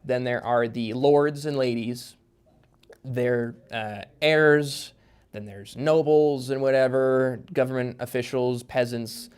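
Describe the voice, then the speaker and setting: A man speaking as a guest author in a casual podcast conversation. His pitch sits in the ordinary middle range. He rambles and restarts, padding his explanations with fillers. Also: steady tone, slow pace, a little mellow, clear, resonant tone.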